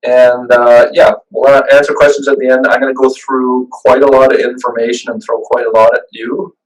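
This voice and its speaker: A man's voice: medium pitch, flat delivery, moderate pace, far from the mic, poor audio. A man presenting a webinar over a video call, talking in a casual, chatty way with fillers and restarts. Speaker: business owner giving a webinar.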